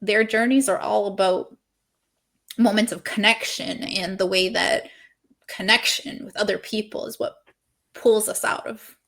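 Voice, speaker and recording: A woman author chatting in an interview over a video call, earnest and expressive as she thinks aloud about her characters. Her mid-pitched voice carries a light gravelly fry, and she laughs easily between thoughts. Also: unhurried. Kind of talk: casual interview chat.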